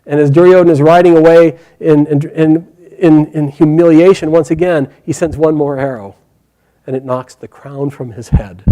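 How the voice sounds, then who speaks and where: A man retelling an epic story aloud in a lively, animated way, with casual fillers. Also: a little high, normal speed. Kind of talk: oral storytelling.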